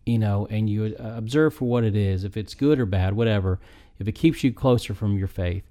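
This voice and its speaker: A man with a low, mellow voice talks about faith in a casual chat. He rambles, breaks off and restarts as he searches for his words. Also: a little fast.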